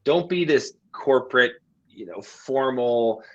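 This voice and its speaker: A man's voice: medium pitch, lively intonation, slow, fairly bright tone, lo-fi sound. A man hosting a business roundtable on a video call, earnest and encouraging as he sums up and turns to the audience. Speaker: roundtable host. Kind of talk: moderating a roundtable.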